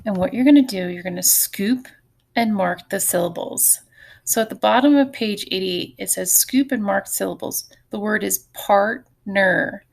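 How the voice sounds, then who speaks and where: A woman teacher giving an online phonics lesson, patient and slow, often repeating words. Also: mid-range voice, gravelly.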